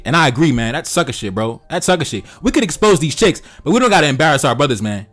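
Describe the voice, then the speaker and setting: A man's voice: a little high, big pitch swings, quick pace, few pauses, a bit bright, faint music behind. A young man doing casual commentary on social media posts, blunt and heated, swearing often and calling listeners "man" and "brother". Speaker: commentary channel host.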